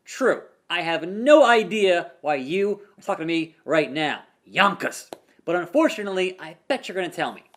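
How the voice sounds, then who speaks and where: A young man playing through a wrestling video game, reading the in-game dialogue aloud and calling the action like a commentator with loud whoops. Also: sits high, lively intonation, moderate pace. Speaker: gaming YouTuber. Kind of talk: let's play commentary.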